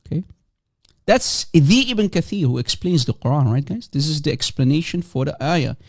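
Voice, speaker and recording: Mocking livestream man, lively pitch. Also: normal speed, gravelly. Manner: mocking and provocative, repeats and teases. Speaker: livestream host. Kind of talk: casual livestream chat taking guests.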